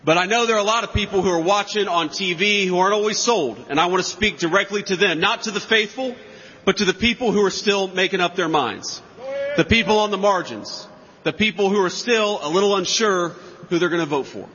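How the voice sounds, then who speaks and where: A man's voice: sits high, a little fast, pushed and bright, slightly rough. A man giving a campaign rally speech in a large hall, emphatic and mocking with sarcastic asides. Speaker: political speaker. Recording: lo-fi, long hall reverb.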